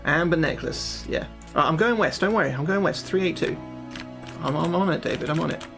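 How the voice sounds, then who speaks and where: A man livestreams himself reading a fantasy gamebook, stopping for casual chat with viewers and swearing freely. He speaks fairly quickly with vocal fry in a slightly high voice, music in the background.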